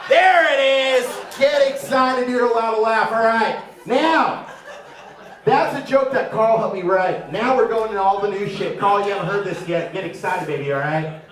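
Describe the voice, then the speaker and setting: Comic in his thirties, from Florida, high and brash, crude crowd work, roomy stage sound with a live crowd. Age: 30s. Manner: brash, crude, swings to loud shouting. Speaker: stand-up comedian. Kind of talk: stand-up set with crowd work. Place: comedy theater stage before a live audience. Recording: roomy, far-off mic, crowd noise.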